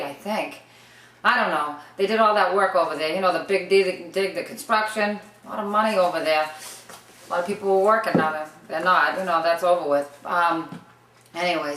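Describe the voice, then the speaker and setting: A woman's voice: medium pitch, fairly bright tone, far from the mic. Boston-accented woman hosting a jokey accent lesson, chatty and rambling, set back from the mic in an echoey room. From Boston, Massachusetts. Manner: rambling, chatty, drifts off on tangents. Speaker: host. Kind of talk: mock accent lesson to camera. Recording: roomy echo, away from the mic.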